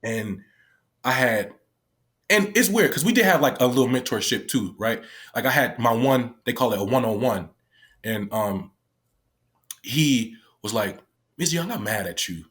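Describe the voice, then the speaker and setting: A man's voice: mid-range voice, expressive, normal speed, fairly bright tone. A man casually recounting a personal story, candid and emotional, swearing often and acting out what others said. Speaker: guest, former youth detention worker.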